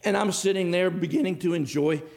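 Middle-aged man, pastor, folksy storyteller at the pulpit, voice a bit high, long church-hall reverb. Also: a little fast, gravelly, a little mellow. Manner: folksy storytelling, acts out dialogue. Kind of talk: sermon.

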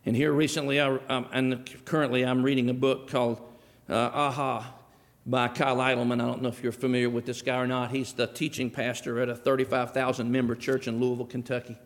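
A man's voice: medium pitch, little pitch movement, a little fast. A middle-aged man preaching a sermon in a church, telling stories in a folksy way and acting out the dialogue himself. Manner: folksy storytelling, acts out dialogue. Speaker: pastor. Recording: long hall reverb.

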